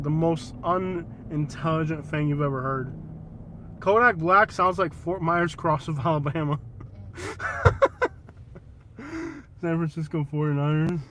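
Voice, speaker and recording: A man's voice: on the high side, pushed and bright, slight background noise. A man live-streaming from his car, chatting in a rambling, jokey way and laughing often. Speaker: livestreamer. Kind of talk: casual live-stream chat. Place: in a car, driving.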